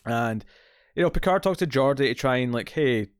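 A man co-hosting a casual podcast chat, retelling scenes in lively fashion, acting out voices and laughing often. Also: medium pitch, fairly quick, clean tone, no echo, studio quality. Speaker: podcast co-host.

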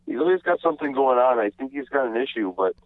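A man's voice: medium pitch, lively intonation, fast talker, dry recording. A man calls in over a tinny, phone-thin line that sounds dry and close. He rambles through a comic story, circling back and apologizing over and over. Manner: meandering, overly apologetic storytelling. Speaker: caller.

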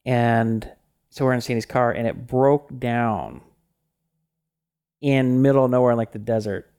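A man co-hosting a casual podcast. He talks in a middle-pitched voice and strings his stories together loosely. His speech is full of restarts and filler words. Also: a little slow, darkish tone, clean tone. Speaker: podcast co-host. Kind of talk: casual chat.

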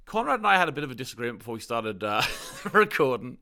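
A man's voice: medium pitch, sing-song, fast, sharp tone. A man in his thirties hosting a casual podcast, chatty and laughing, with many restarts. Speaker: podcast host.

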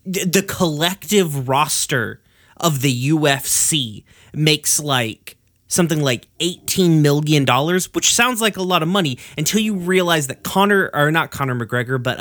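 A man's voice: on the high side, fairly bright tone. Profane ranting man. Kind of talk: casual podcast chat.

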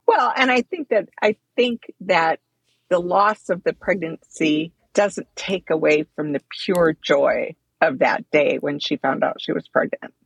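A woman's voice: low-pitched, a little slow, vocal fry, husky, no echo, rough recording. An older woman co-hosting a podcast in casual chat, eating while she talks and laughing often. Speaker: podcast co-host. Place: coffee shop.

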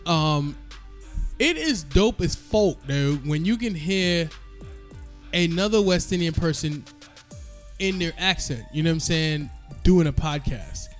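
Guy from guyana cohosting a podcast, high-ish lively voice, slangy, laughs a lot, faint music under it. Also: unhurried. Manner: joking, laughs often, slangy. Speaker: podcast co-host. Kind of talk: casual banter.

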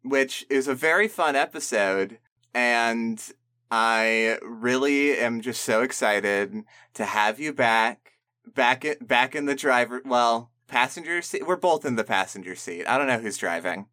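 A man's voice: mid-range voice, unhurried, sharp tone. A man hosting a music podcast in casual, jokey chat, often restarting his sentences. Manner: jokey, laughing, stammering restarts. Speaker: podcast host.

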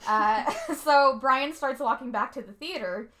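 A woman's voice: sits high, unhurried. A woman co-hosting a casual chat, retelling a movie plot with frequent laughter. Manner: laughs often, animated storytelling. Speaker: podcast co-host recapping a movie.

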